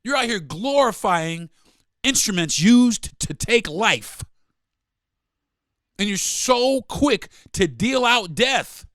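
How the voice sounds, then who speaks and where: A man's voice: high voice, very animated, slow, a bit bright, no echo, studio quality. Heated, profane man ranting on a podcast. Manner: profane, heated, repetitive, mock-quoting others. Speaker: podcast host. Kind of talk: angry solo podcast rant.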